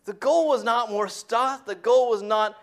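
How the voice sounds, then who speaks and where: A preacher giving a sermon who tells a family story and drops to a hushed whisper on key points. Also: mid-range voice, a little slow.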